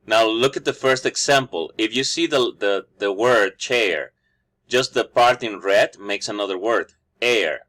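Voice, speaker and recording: Bright-voiced man teaching English pronunciation. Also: fairly low pitch, measured pace. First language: Spanish. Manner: explanatory, repeats each word after the audio. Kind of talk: phonetics lesson, repeating audio examples.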